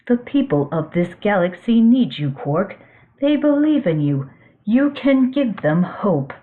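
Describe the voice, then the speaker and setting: A woman voicing a small, calm male robot who speaks in an earnest, formal way. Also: medium pitch. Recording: tinny phone-like audio.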